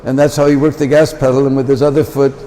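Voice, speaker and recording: Talking fast with little pitch movement, a man with a warm, medium-pitched voice gives a temple lecture as a visiting speaker. Anecdotes and chatty asides fill the talk, and the large hall adds long reverb.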